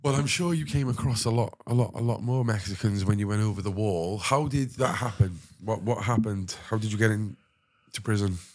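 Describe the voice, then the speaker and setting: A male podcast host with a low voice reacts to his guest with short exclamations. He leads a casual interview and asks curious follow-up questions. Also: normal speed, a little mellow.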